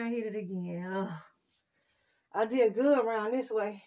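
A woman's voice: medium pitch, a little slow, darkish tone. A woman vlogging casually while she works, chatty and exclaiming, a little out of breath. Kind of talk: casual vlog to viewers.

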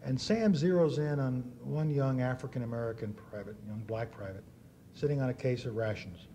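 A man's voice: mid-range voice, normal speed, dark tone, slight background noise. A man in his fifties giving an after-dinner speech, telling anecdotes with acted-out quotes. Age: 50s. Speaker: dinner speaker. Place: banquet hall.

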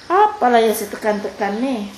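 A woman's voice: a little high, very animated, fairly quick, darkish tone, a little hiss or hum. A woman with a Malaysian English accent giving a casual tour of her small apartment, chatty and laughing at herself, recorded on a handheld camera. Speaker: vlogger giving a home tour. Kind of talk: casual home video tour. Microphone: handheld camera mic. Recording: echoey room on camera mic.

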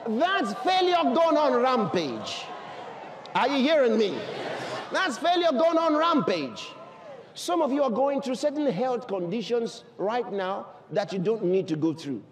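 Fired-up male pastor preaching, really high voice swinging all over, keeps asking the crowd questions. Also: very animated, unhurried, background noise. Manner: fervent, emphatic, often shouting, asks the crowd rhetorical questions. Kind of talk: sermon.

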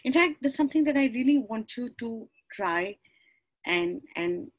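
A woman in her forties with an Indian accent, giving a motivational talk on a video call. She mixes Hindi into her English, stretches key words slowly and often asks "right?". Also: fairly high pitch, animated, highs cut off. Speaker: speaker on mindset.

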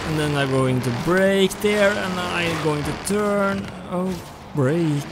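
Halting man commenting on a race game. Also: high-pitched, background noise. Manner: rambling, halting, with frequent restarts and self-talk. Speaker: gaming channel host. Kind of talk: casual racing game commentary. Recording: game music playing over the voice.

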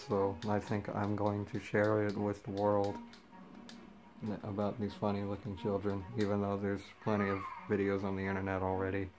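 A man's voice: lowish voice, poor audio. A man giving goofy, joking let's-play commentary and talking to the characters on screen. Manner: goofy, jokey, talks to the game characters. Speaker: gameplay commentator. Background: game music.

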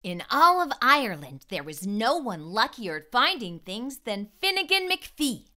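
A woman hosting a children's storytime, reading a picture book aloud in an expressive, animated way. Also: a little high, a little slow. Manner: warm expressive read-aloud. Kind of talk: read-aloud storytelling for kids.

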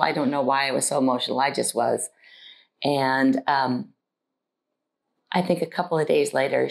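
A woman in her sixties giving an earnest, heartfelt patient testimonial, pausing often to find her words. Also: rumbling low, gravelly, low-quality recording. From United States. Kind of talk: personal testimonial.

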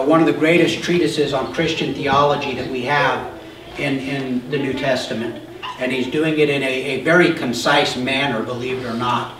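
Pastor preaching from a distance in a roomy church. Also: male voice, on the high side, background noise. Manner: explains scripture conversationally with frequent "okay?"; shouts emphatic points. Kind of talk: sermon. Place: church sanctuary.

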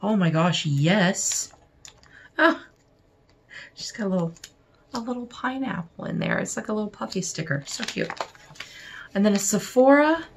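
A woman unboxing beauty products at home, chatting casually and gushing with excitement, now and then dropping to a soft whisper. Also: mid-range voice, a little hiss or hum. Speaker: beauty vlogger unboxing mail.

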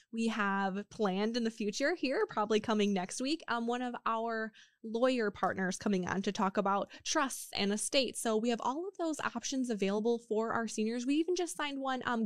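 A woman hosting a podcast, chatting casually and upbeat with fillers, her voice rough from being sick. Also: mid-range voice, no room sound, studio quality. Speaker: podcast host. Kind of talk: casual promotional podcast talk.

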